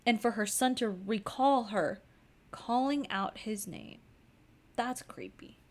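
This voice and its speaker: A woman's voice: on the high side, a little slow, a little hiss or hum. A woman co-hosting a casual true-crime podcast, reacting with incredulity, swearing heavily and saying "like" a lot. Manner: incredulous, heavy swearing, lots of "like". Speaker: podcast co-host.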